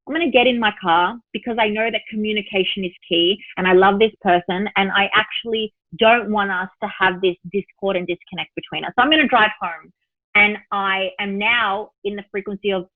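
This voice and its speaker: A woman spiritual teacher, a podcast guest, telling an example story in a lively way and voicing her own thoughts. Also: medium pitch, fairly quick, dry recording. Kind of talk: podcast interview. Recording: tinny phone-line sound, dry.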